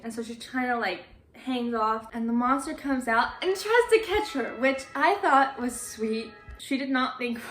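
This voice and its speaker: Woman host, casual film recap, acts out lines; higher-pitched, roomy echo. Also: slight background noise. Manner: chatty, acts out characters' lines. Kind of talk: casual movie plot recap.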